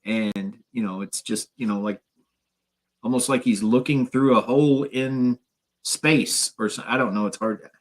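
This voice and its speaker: A man's voice: medium pitch, steady tone, measured pace. A man with a Midwestern American accent chatting casually as a guest on a paranormal radio show, rambling with lots of fillers and restarts.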